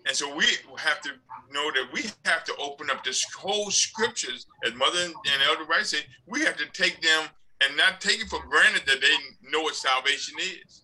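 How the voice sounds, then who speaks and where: Bright-voiced man leading a Bible study. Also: fairly high pitch, expressive, moderate pace, hardly any pauses, poor audio. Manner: plays a doubtful convert to make his point. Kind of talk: church Bible study discussion.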